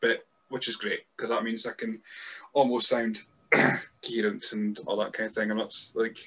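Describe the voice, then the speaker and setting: A man's voice: fairly low pitch, level tone, moderate pace, fairly bright tone, husky. A man with a mild Scottish accent, a podcast guest chatting casually in a laid-back, rambling, sweary way. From Scotland. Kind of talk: casual chat.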